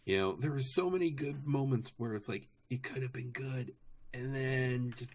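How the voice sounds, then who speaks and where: A man's voice: medium pitch, moderate pace, breathy edge. A man co-hosting a livestream in casual chat, ranting animatedly with exasperated swearing.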